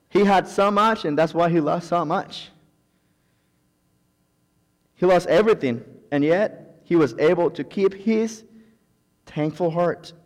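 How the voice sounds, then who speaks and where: Fervent preacher man in a reverberant hall. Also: on the high side. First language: not English. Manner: fervent, repetitive thanks, calls of amen. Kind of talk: sermon.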